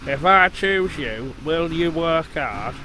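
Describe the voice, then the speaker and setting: A man voicing a stern, proper male railway director in a storybook reading, speaking formally and severely in a lowered voice. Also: lively intonation, slow pace, pushed and bright, exaggerated voice. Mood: kindly. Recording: noisy background hiss.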